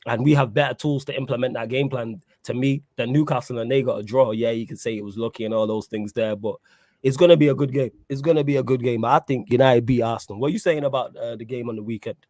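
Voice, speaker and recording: Relaxed man host, mid pitch, dry recording. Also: quick pace, few pauses, no room sound. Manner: laid-back, laughs often, reads viewer comments. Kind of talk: casual football chat with live chat.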